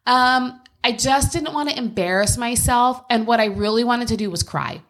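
A woman's voice: a little high, moderate pace, fairly bright tone. Candid, swearing woman telling a story. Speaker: podcast co-host. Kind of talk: casual chat. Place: home.

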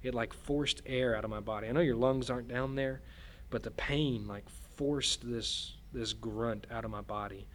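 A man of middle pitch tells a story as a podcast guest, halting often and circling back over his words. His telling is earnest and shaken. Faint ambience sits low behind him. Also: fairly even intonation, a little hiss or hum. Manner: halting, repeats words and restarts while recounting. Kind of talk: casual storytelling.

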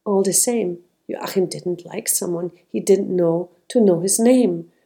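A woman reading a children's storybook aloud in a calm, even storytelling manner. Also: lowish voice, measured pace, creaky. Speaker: narrator.

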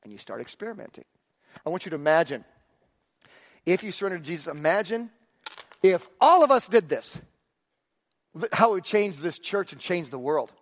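High-voiced pastor preaching in a reverberant hall. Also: male voice, vocal fry. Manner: emphatic, acts out his own prayers aloud. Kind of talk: sermon. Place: large church hall.

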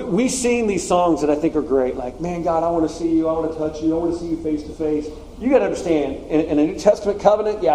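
A man's voice: a little high, warm tone, a little hiss or hum, poor audio. A man preaching a casual sermon to a congregation, speaking conversationally with slangy asides. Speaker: pastor.

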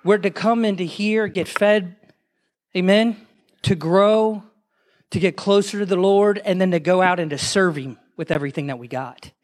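A man preaching a sermon to a congregation, telling a story with passion and rising at times to shouts. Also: sits high, normal speed. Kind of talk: sermon testimony.

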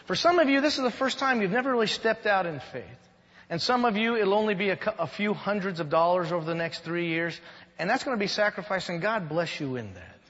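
A man's voice: sits high, pushed and bright, big-room sound, muffled recording. A man preaching a sermon as pastor, conversational, with jokes and rhetorical questions. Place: church sanctuary.

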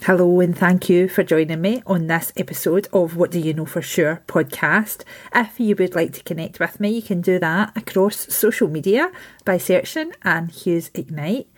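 A woman hosting an interview podcast, speaking gently, with short affirmations and a read outro, over a video call. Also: fairly low pitch, normal speed. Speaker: podcast host. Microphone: remote video call.

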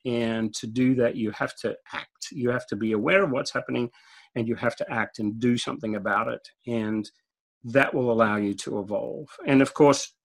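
Aussie guy, gravelly voice, just chatting and telling stories straight, laughs at his own jokes. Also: mid-range voice, normal speed. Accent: Australian. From Australia. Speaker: guest speaker. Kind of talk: conversational storytelling interview.

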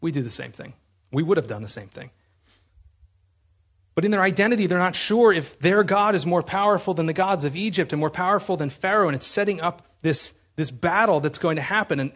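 Man, preacher, sermon, husky, slightly high voice, emphatic, conversational. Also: fairly bright tone. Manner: conversational, emphatic, with frequent restarts.

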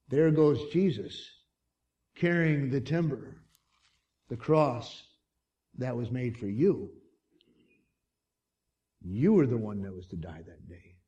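A man preaching a sermon, telling the story dramatically and swinging from hushed lines to shouts. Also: fairly high pitch, distant mic, muffled recording.

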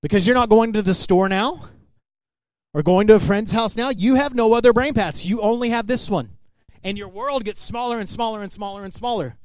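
A man's voice: high voice, fairly quick, a little mellow, no echo. A man pastor preaching a sermon in a conversational way, calling out to the congregation.

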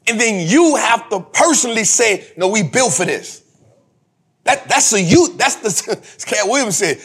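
A man hosting a show, giving a repetitive, preachy motivational talk on investing, speaking with a husky voice. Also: high-pitched. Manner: animated, preachy, repetitive, addresses co-host by name. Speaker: podcast host.

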